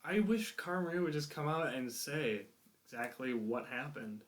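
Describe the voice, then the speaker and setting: A man's voice: fairly high pitch, lively intonation, normal speed. A man co-hosting a podcast, chatting casually and analyzing a reality show with his co-host. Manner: conversational, analytical comments and questions.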